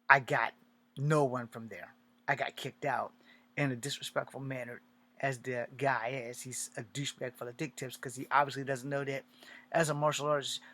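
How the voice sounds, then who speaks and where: A man from Virginia telling a long personal story in a casual monologue, swearing often and acting out other people's lines. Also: medium pitch. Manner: profane, animated, acts out quoted dialogue. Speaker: aspiring filmmaker telling his story.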